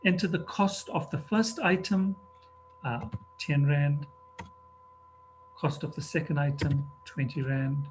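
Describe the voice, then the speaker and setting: Slow, methodical man teaching. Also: a little high, fairly even intonation, a little hiss or hum. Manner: methodical, talks through each step while typing. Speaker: programming teacher. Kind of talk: screen-recorded coding tutorial. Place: at a computer, narrating over a screen recording.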